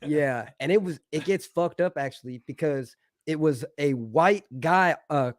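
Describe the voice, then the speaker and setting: Speaking unhurriedly in a fairly high voice, a man animatedly recounts a profane story during a relaxed podcast conversation, imitating each character's voice. The studio-quality audio has no echo.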